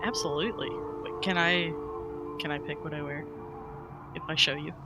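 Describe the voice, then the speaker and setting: A woman's voice: deep voice, fairly even intonation, normal speed, pushed and bright, faint music behind. A woman player in a tabletop role-playing game, chatting playfully and describing what her character does. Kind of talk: casual tabletop play.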